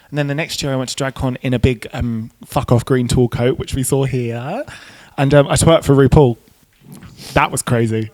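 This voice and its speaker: A camp man chatting in an interview, swearing freely and full of ums and likes. His pitch sits at an ordinary middle level. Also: a little mellow. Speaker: drag queen guest. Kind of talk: casual interview chat.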